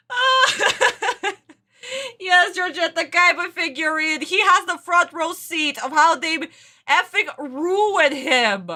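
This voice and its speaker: A woman hosting a casual reaction video, excitable and dramatic, with frequent exclamations. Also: very high voice, unhurried.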